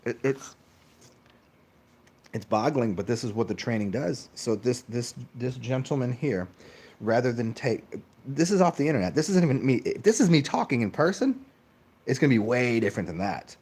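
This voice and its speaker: A man's voice: moderate pace, slightly rough. A man ranting in a casual monologue, swearing freely and mocking others in exaggerated voices. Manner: profane, animated, mimics others in high mocking voices. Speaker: channel host.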